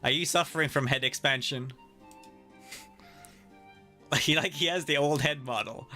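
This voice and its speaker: A male streamer with a bright, forceful voice reads each character's dialogue aloud as he plays. He cracks jokes and laughs often between the lines, with faint music underneath. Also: a little high, unhurried. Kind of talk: casual playthrough with voiced reading.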